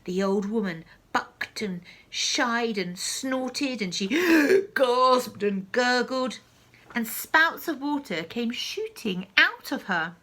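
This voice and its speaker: A woman reading a children's story aloud, with slow, expressive delivery and hushed asides. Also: fairly high pitch.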